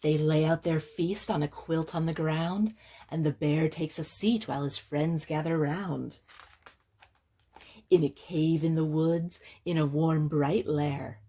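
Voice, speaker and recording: A woman librarian reading a picture book aloud for children, slow and gentle, pausing to explain words. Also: low-pitched, husky.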